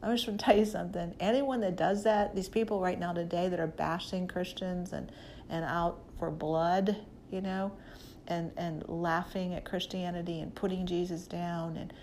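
A woman's voice: on the low side, steady tone, measured pace, darkish tone, slight background noise. Emphatic woman preaching straight to listeners. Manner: emphatic, direct address to listeners. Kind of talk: conversational Bible teaching.

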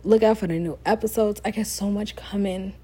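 Speaking briskly in a medium-pitched voice with a breathy edge, a young woman hosts a casual solo advice podcast. Though tired late at night, she's sassy, conversational, and given to animated asides.

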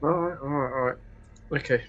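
A man's voice: medium pitch, brisk, muffled recording. A man playing in a tabletop game, talking casually, swearing and laughing often. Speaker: player. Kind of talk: casual tabletop role-play.

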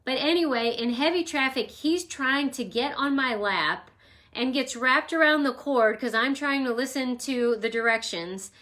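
A woman's voice: high voice, measured pace, a bit bright. A woman hosting an emotional wellness talk at home, teaching in a rambling, reflective, conversational way with personal stories. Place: at home with her dog nearby.

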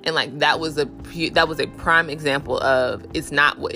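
A podcast host with a steady yet sharp tone talks frankly and casually about faith at a normal speed, soft music beneath her. Her speech has plenty of fillers and restarts, and she raises her pitch to act out inner voices.

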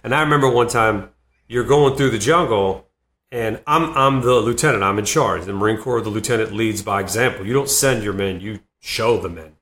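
A comedian and former Marine in his fifties, telling animated stories in an interview and laughing between lines. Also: on the low side, normal speed. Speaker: comedian and Marine veteran guest. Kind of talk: storytelling interview. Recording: roomy echo.

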